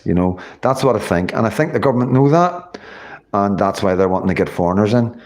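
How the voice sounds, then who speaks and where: A man's voice: fairly low pitch, fairly quick, darkish tone. A middle-aged man with a Northern Irish accent, rambling and swearing on a casual livestream while reading viewer comments. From Northern Ireland. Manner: rambling, swears often, many fillers.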